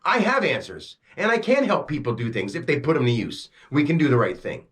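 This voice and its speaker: A man's voice: mid-range voice, big pitch swings, fairly quick, fairly bright tone. A man delivering a frustrated, preachy rant straight to camera as a self-styled spiritual teacher, swearing freely. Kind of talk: ranting monologue to camera.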